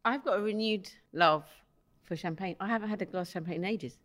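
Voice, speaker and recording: A woman's voice: medium pitch, brisk, fairly bright tone. A woman co-hosting a casual podcast chat, thinking aloud in a chatty way.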